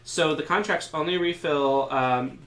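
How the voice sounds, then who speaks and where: A man's voice: on the high side, unhurried, fairly bright tone, poor audio. A man casually explaining board game rules to friends at a game night, patient and joking.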